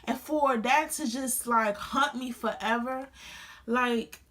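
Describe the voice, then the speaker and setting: A young woman speaks to her phone camera at home, slightly high-pitched, recounting a painful story in an earnest, emotional way. She talks casually, with many restarts. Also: slow pace, a bit bright. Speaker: beauty vlogger. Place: home studio.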